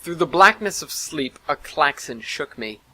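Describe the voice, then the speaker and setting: A man's voice: a little high, big pitch swings, measured pace, bright, forceful tone, low-quality recording. A man narrating a first-person science fiction story in an earnest, dramatic reading.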